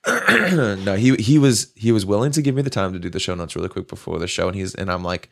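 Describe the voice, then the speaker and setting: A man's voice: lowish voice, expressive, fast, vocal fry. A man co-hosting a podcast in casual, crude banter, teasing and laughing often. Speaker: podcast co-host.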